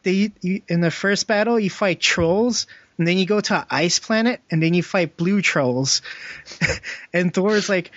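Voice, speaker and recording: A man's voice: sits high, fairly bright tone, no room sound. A young man co-hosting a casual gaming podcast, rambling with lots of fillers and frequent laughs. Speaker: podcast co-host. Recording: dull, dry lo-fi podcast audio.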